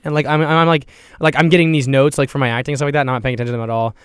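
A young man co-hosts a casual sports podcast. He tells stories animatedly and acts out other people's lines. His voice is smooth and clear, and the recording is close and dry. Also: fairly high pitch, quick pace, fairly bright tone, no echo. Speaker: podcast co-host. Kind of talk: casual chat.

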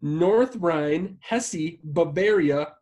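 A man's voice: fairly high pitch, animated, very slow, darkish tone, highs cut off. A man co-hosting a podcast in casual chat, swearing freely and rambling in a self-deprecating way. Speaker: podcast co-host.

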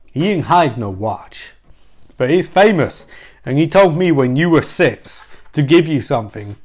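A man putting on a deliberately poor impression of a famous male film actor, talking slowly and deadpan with odd pauses. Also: fairly high pitch. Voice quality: self-admittedly poor impression. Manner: slow, halting delivery with odd pauses.

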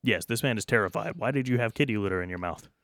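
A man running a comedy tabletop game as game master, narrating in a playful, deadpan way. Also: lowish voice, quick pace, no echo, clean studio sound.

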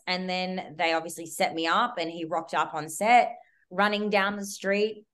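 Appearing as a podcast guest, a young Australian woman recounts a story in a hurried, lively way during a relaxed conversation. She peppers each sentence with "like," curses without holding back, and speaks in a somewhat low pitch.

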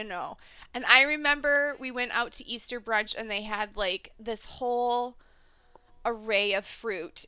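A woman's voice: on the high side, sharp tone, clean tone, no echo. A young woman from the US Midwest co-hosting a casual fan chat about a TV show, gushing and dramatic, laughing often. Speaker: podcast co-host.

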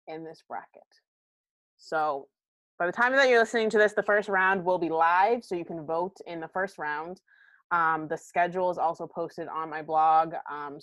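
A woman's voice: on the low side, no room sound, poor audio. A young woman hosting a podcast in casual chat, rambling with lots of fillers and poking fun at herself. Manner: rambling, filler-heavy, self-deprecating. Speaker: podcast host.

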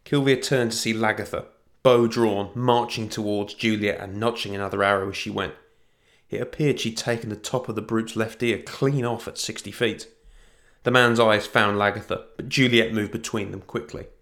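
A man narrating a fantasy story in an even storytelling manner. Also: on the low side, moderate pace.

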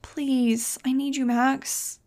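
A woman's voice: sits high, flat delivery, slow pace, a little mellow, voice pushed up. A woman voicing a clingy young girl who whines and pleads in a raised voice as she reads a storybook aloud. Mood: whiny pleading. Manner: whining, pleading.

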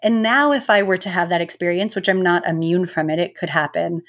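A woman in her thirties, a mindfulness teacher, talking as a guest in a relaxed, reflective way with lots of filler words. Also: fairly low pitch, brisk. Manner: reflective, gentle, many filler "likes". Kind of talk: casual interview talk.

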